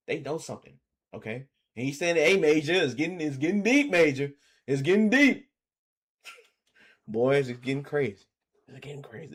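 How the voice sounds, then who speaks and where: A man's voice: medium pitch, breathy edge. A man reacting to news clips in casual streaming commentary, laughing as he goes. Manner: animated, laughing, trailing off quietly.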